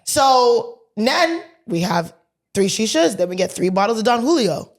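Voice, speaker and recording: Animated woman telling a wild story. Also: a little high, unhurried. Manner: animated, swears freely, laughs mid-sentence; acts out quoted dialogue. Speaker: podcast co-host. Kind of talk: casual storytelling.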